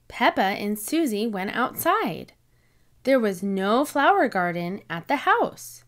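Reading aloud to young children, a woman brings a picture book to life in an enthusiastic, kid-directed style. She speaks slowly at a medium pitch, with large pitch swings.

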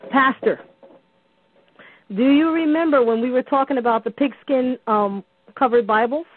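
A woman's voice: high-pitched, moderate pace, breathy edge. A woman calling into a radio show, chatty and storytelling, over a dry, tinny phone line. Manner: chatty, lots of ums and restarts, storytelling. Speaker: caller. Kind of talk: call-in radio talk.

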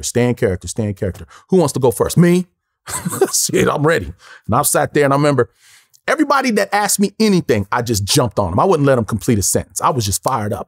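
Man, forties, from los angeles, interview guest, lively swooping delivery, higher voice, acts out quotes. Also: fast talker, gravelly, dry recording, studio quality. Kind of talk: animated storytelling.

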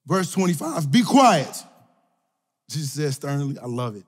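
Male preacher, high pitched, emphatic and repetitive, reverberant hall sound. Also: brisk. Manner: emphatic, repetitive declarations with call-and-response energy; animated, swings from loud to quiet. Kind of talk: sermon. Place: large room with audience.

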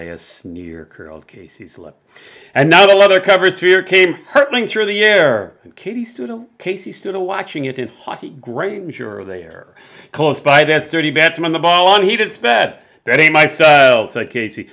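A middle-aged man presenting and dramatically reciting narrative poems, swinging between loud peaks and hushed lines, with chatty asides in between. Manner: theatrical, big swings in loudness and pitch, chatty asides. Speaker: poetry presenter.

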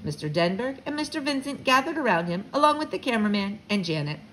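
A fourth-grade teacher reads a children's novel aloud from her living room in a very animated, up-and-down voice. Her pitch sits in the middle for a woman, and a faint hum of home ambience stays behind her. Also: quick pace, low-quality recording. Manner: warm teacherly read-aloud, lively. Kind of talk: reading a children's book aloud.

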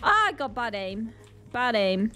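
A woman with a Northern Irish accent giving excitable gameplay commentary, full of panicked exclamations. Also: fairly high pitch, measured pace, clean tone, soft background music. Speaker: gaming channel host.

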